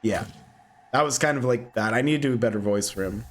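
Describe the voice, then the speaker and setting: A man's voice: mid-range voice, fast. A man streaming a video game, chatting casually with playful, reactive commentary.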